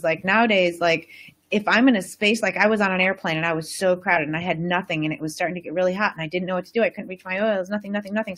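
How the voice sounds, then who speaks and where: A woman chats to her viewers about wellness on a casual live stream. Her talk is rambling and enthusiastic, with tangents and asides. She speaks at an ordinary pitch. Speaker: wellness host.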